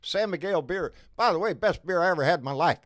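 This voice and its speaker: A man's voice: high-pitched, lively intonation, fast, fairly bright tone, no echo, studio quality. An older man co-hosting a livestream, chatting casually and swearing freely with apologetic asides. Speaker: livestream co-host. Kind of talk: casual political chat.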